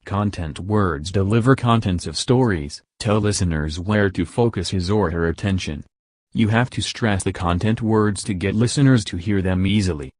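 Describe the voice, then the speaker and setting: A man explaining English sentence stress in a recorded lesson, slowing to stress his example words. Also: low voice, darkish tone, no echo, studio quality. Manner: slow, deliberate word-by-word emphasis on examples. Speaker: English teacher.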